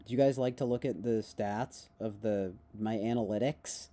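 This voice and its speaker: A young man livestreaming at night from home, drunk and rambling, joking at his own expense and laughing often, with sudden loud outbursts. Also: lowish voice, moderate pace. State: intoxicated. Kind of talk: rambling livestream chat to viewers.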